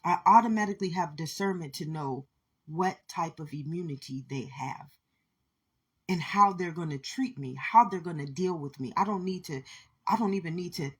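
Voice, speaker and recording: A woman's voice: on the low side, moderate pace, slightly rough. A woman giving an impassioned spiritual monologue, speaking intensely and repeating her points as she addresses listeners directly.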